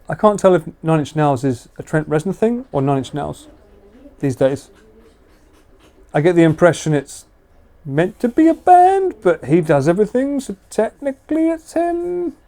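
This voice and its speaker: A man's voice: fairly high pitch, warm tone. A man casually chatting with viewers during a live stream, joking and laughing often. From United Kingdom. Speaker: livestreamer. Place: house.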